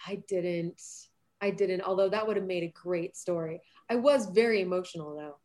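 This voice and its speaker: A woman's voice: on the low side, normal speed. A woman in her thirties, an actress guest chatting in an interview and telling stories with plenty of laughter. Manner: animated storyteller, laughs often. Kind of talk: casual interview chat.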